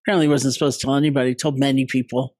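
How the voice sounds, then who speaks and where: An older man hosts the conversation, filling in background for listeners in a measured, steady delivery. His pitch stays flat, and the sound is dry and close. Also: no room sound. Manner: measured, with frequent uh fillers. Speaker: host. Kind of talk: interview explanation for listeners.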